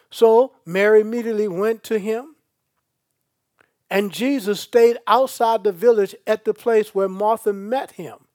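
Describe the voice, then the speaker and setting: A man's voice: high-pitched, steady tone, moderate pace, darkish tone, no echo, clean studio sound. A male pastor, preaching a sermon and reading scripture aloud with asides to the congregation.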